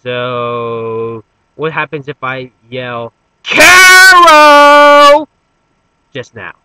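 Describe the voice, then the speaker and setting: A man's voice: medium pitch, fairly even intonation, slow, noisy background, pitched below the performer's own voice, lightly acted. A man voicing a sleepy, laid-back young slacker who questions in a drawling, mock-formal way.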